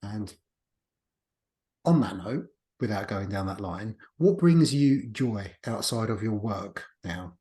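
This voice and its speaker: A man hosting a podcast, thinking aloud in a reflective way with pauses. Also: lowish voice, animated, mellow. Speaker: podcast host. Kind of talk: casual podcast conversation.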